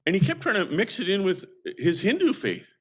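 A man's voice: high-pitched, wildly swooping pitch, a little fast, breathy edge, highs cut off. A man who works with a seamen's mission, giving a casual update in a rambling, anecdotal way with frequent restarts.

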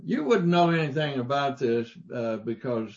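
A man's voice: medium pitch, expressive, moderate pace, darkish tone, dull audio. A man preaching a sermon, telling folksy stories with emphatic rises. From Mississippi, US. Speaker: pastor.

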